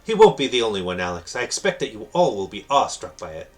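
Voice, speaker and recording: A man's voice: lowish voice, very animated, fast, soft background music. A man voicing a vain, pompous young male mage with a haughty manner.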